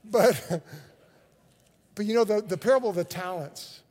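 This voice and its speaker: A male pastor, preaching a sermon with animated energy and frequent word repetitions. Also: high-pitched, moderate pace, long reverb tail. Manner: animated, repeats words when excited.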